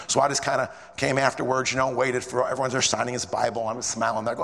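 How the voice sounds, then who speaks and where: A man's voice: mid-range voice, level tone, fast, creaky, hardly any pauses, fairly bright tone, long reverb tail. A man preaching a sermon in a casual storytelling way, repeating phrases as he goes.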